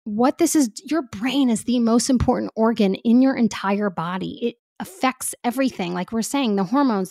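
A woman speaking as a parenting expert guest in casual podcast talk, animated and chatty with lots of fillers. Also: on the high side, dry recording, clean studio sound.

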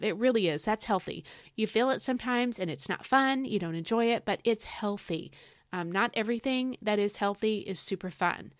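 A woman hosting a casual devotional podcast, chatty and encouraging, with lots of asides and repeated phrases and pitch that jumps up on emphasis. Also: no echo, clean studio sound. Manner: expressive, pitch swinging up on emphasis. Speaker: podcast host teaching from the Psalms.

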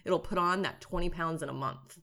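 A middle-aged woman with an unusually low, deep voice for a woman talks as a nutritionist guest. She is chatty and lively. She often acts out her own past thoughts. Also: fairly quick. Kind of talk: casual conversation.

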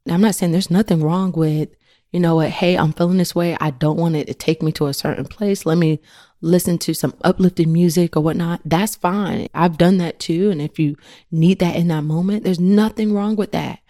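A woman's voice: lowish voice, fairly even intonation, normal speed, warm tone, no echo, clean studio sound. A middle-aged woman hosting a devotional podcast, talking earnestly and conversationally with many "you know"s. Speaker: podcast host.

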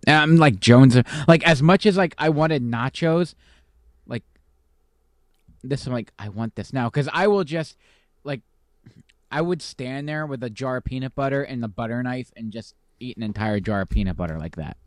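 A man's voice: mid-range voice, moderate pace, no room sound, studio quality. Congested man rambling on a podcast. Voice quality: slight lisp. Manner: rambling, filler-heavy chatter. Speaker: podcast co-host. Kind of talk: casual chat.

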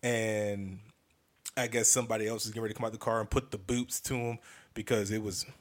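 A man's voice: lowish voice, a little fast, background noise. Profane storytelling man hosting a podcast. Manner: animated, profane, restarts mid-sentence. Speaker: podcast host and comedian. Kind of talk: casual comedic storytelling.

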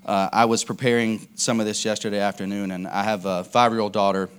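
A man's voice: lowish voice, little pitch movement, brisk, clear, resonant tone. A man preaching a casual, conversational sermon, telling stories with lots of fillers and restarts.

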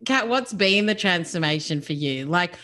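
A woman's voice: fairly low pitch, animated, normal speed, pushed and bright. A woman hosting a casual podcast interview, enthusiastic, filling her speech with "like". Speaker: podcast host.

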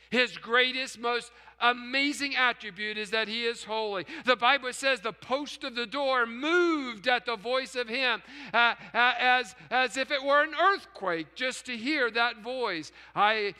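A man preaching a sermon as pastor in a church, emphatic, dropping to hushed repeats for effect. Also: very high-pitched, measured pace, hardly any pauses, clear, resonant tone. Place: church sanctuary. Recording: long hall reverb.

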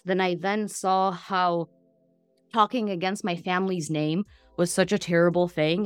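A woman's voice: lowish voice, dry recording. A woman in her thirties, a gut health practitioner hosting a podcast, talking animatedly with lots of fillers and asides. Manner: animated, talks fast with many fillers and asides. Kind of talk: casual podcast conversation.

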